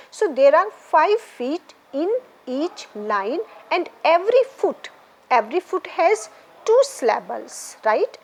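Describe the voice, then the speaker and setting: A woman teaches a literature class, her high voice rising and falling widely as she goes. She speaks slowly and repeats each point, often pausing to ask "right?" or "okay?". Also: rough recording. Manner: repetitive, explanatory, checks in with "right?" and "okay?". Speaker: English literature lecturer. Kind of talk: classroom lecture.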